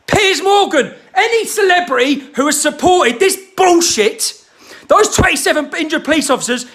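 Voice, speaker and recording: A man delivering a heated, shouting rant to the camera. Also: extremely high pitch.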